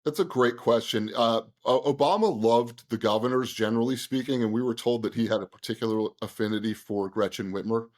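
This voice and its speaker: A man, a guest on an interview show, recounting events in a conversational, animated way, with frequent fillers and quick restarts. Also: medium pitch. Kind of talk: conversational storytelling.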